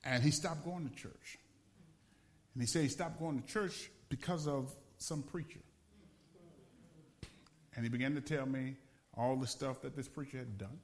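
A man's voice: mid-range voice, normal speed, pauses often. A man preaching a sermon, a pastor from the Los Angeles area, telling a story with laughs and repeated phrases for emphasis.

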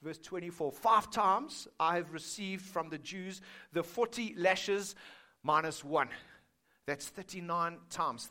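A man's voice: high-pitched, sharp tone. A man preaching a sermon as pastor, chatty and joking, speaking straight to his congregation. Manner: conversational, joking, addresses congregation directly.

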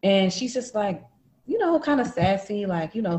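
A woman spins a long personal story in casual chat, jumping up into loud, lively quotes of everyone involved. She swears freely and keeps the tale moving. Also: mid-range voice, moderate pace. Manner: animated, quotes people in raised voices, swears freely. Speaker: storyteller guest.

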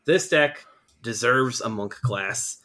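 A man's voice: medium pitch, takes it slowly, bright, forceful tone. A man co-hosting a casual podcast, chatty and often asking "you know what I'm saying". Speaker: podcast co-host. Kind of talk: casual chat.

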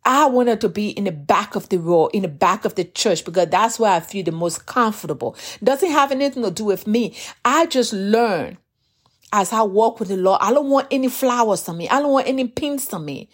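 A woman's voice: mid-range voice, expressive, moderate pace, slightly rough. A woman preaching, sharing a personal testimony in an earnest way and sometimes repeating words as she gathers her thoughts. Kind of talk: sermon testimony.

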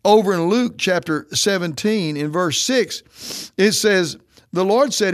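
High-voiced emphatic male preacher. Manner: emphatic, declaring, drawn-out for stress. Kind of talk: sermon.

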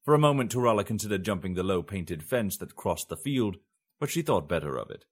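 A man reading a fantasy story aloud in measured audiobook narration. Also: low-pitched, animated, husky.

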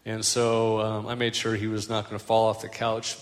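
A man's voice: lowish voice, completely flat delivery, moderate pace, long reverb tail. An older man preaching a sermon as a pastor, telling stories with self-deprecating humor.

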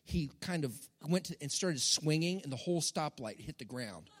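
A middle-aged man preaching a sermon with animated, dramatic storytelling and emphatic repetition. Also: on the high side, normal speed. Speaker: pastor. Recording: long hall reverb.

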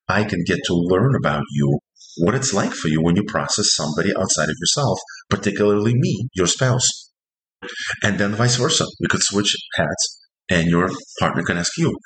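Low-voiced guy giving earnest relationship advice, roomy echo around him. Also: a little fast, fairly bright tone. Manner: earnest, instructive, acts out example dialogues. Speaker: couples therapist and podcast host. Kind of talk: podcast monologue teaching.

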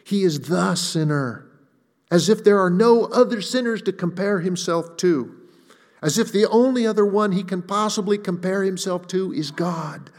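A preacher with a fairly high voice gives a deliberate, emphatic sermon, slowing down to stress key words. His voice echoes with the long reverb of a large church hall.

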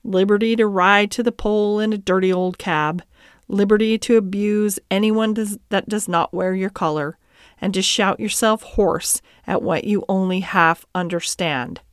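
A steady working man in a classic storybook, firm in his principles and earnest with his family, as a woman reads him. Her smooth, clear voice sits dry and close to the mic. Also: mid-range voice, no echo, natural voice. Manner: earnest and measured. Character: steady, principled middle-aged cab driver and father.

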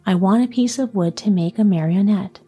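A woman voicing a dapper, hot-tempered little old man in a storybook reading, quick to anger. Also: mid-range voice, dark tone, slightly rough, soft background music. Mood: grumbling.

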